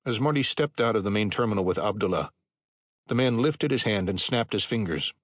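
A man narrates a novel in a steady, unhurried storytelling voice. His pitch sits on the low side. The recording is dry and close, with no room sound. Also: no room sound. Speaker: audiobook narrator. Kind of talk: scripted narration.

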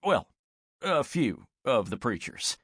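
A man's voice: medium pitch, takes it slowly, slightly rough, dry recording, clean studio sound, heavily acted. A man reading an audiobook and voicing an easygoing young husband who speaks mildly. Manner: mild, relaxed.

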